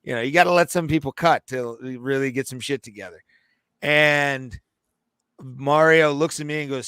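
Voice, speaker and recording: A man in his thirties, a podcast co-host telling a long, animated, profane story in casual chat. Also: medium pitch, moderate pace, clear, resonant tone, no room sound.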